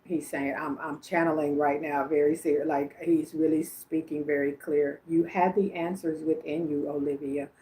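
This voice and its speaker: A woman's voice: low voice, steady tone, moderate pace, hardly any pauses, warm tone. A woman from Illinois hosting a livestream as a psychic medium, relaying messages in a chatty, informal way and laughing often between phrases. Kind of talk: casual livestream psychic reading.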